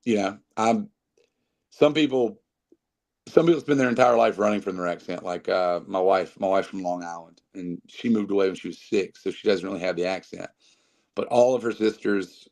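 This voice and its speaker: A man's voice: deep voice, darkish tone. A man with a North Carolina Southern accent, chatting as a podcast guest and rambling with many fillers and restarts. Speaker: guest musician. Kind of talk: casual podcast chat.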